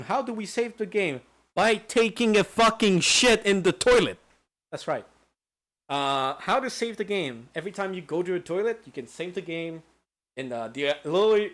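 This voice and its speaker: Profane, animated man joking through a game recap. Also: a little high. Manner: crude, profane and playful, laughs often. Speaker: host. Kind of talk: comedic lecture recapping a video game.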